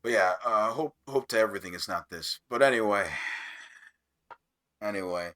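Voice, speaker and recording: A man with a lowish, bright, forceful voice co-hosts a casual podcast. He talks in slangy, quick banter. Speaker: podcast co-host. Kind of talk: casual gaming podcast chat.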